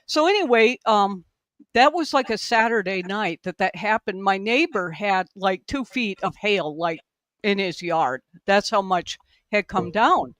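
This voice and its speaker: A woman's voice: medium pitch, lively intonation, unhurried, a bit bright, no room sound, clean studio sound. A woman guest telling a long personal story in casual conversation, full of "like" and "um", heard over a video call. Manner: rambling, filler-heavy, lots of "like" and "um". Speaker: podcast guest.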